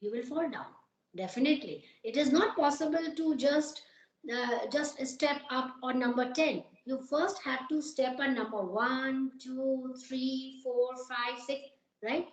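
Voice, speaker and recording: A woman's voice: sits high, unhurried, roomy sound, highs cut off. A woman from Uttar Pradesh with an Indian accent, an English teacher giving advice in a conversation, asking many rhetorical questions.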